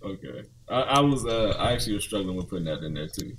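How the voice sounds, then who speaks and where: A man's voice: lowish voice, lively intonation, fast, fairly bright tone, slight background noise, low-quality recording. A man co-hosting a podcast in casual chat, stating his opinions emphatically and laughing along. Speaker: podcast co-host.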